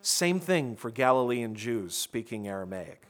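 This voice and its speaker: A pastor preaching a sermon in a conversational way, often restarting phrases and adding asides to the congregation. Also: male voice, mid-range voice, sing-song, measured pace, fairly bright tone, faint music behind.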